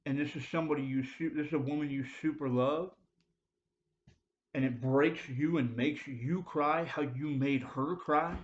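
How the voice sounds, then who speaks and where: A young man giving a casual, slangy preaching monologue, emphatic and at times loudly insistent. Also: on the high side, steady tone, normal speed. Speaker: ministry video speaker. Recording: dull lo-fi audio.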